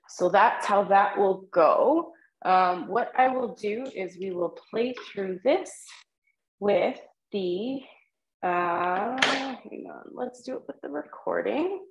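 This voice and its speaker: A woman's voice: mid-range voice, lively intonation, slow pace, roomy sound, noisy background. A woman teaching tenor drumming in an online group lesson, patiently counting the rhythms aloud with frequent ums. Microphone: video call microphone.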